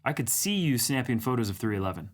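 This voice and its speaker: Male livestream host, mid-pitch, loose and chatty, teasing chat readers. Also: big pitch swings, fast talker. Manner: chatty, reads viewer comments aloud, teasing. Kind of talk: casual live-chat banter.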